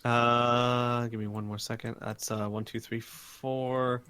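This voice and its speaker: A man's voice: medium pitch, flat delivery, takes it slowly, sharp tone, smooth. A man narrating as game master in a casual tabletop game, hesitant and full of fillers.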